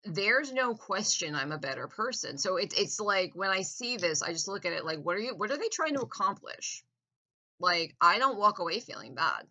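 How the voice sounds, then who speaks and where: Speaking at a moderate pace, the woman uses a medium-pitched voice that swings widely and carries a sharp edge. She is a vlogger delivering a contemptuous, rambling rant to camera, going over the same ground and dropping thoughts halfway through.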